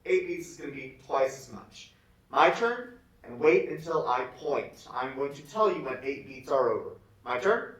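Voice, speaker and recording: A man teaching a remote music lesson, leading students through rhythms in slow, patient call and response. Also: mid-range voice, very animated, a bit bright. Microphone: camera set away from him. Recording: echoey room, far from the mic.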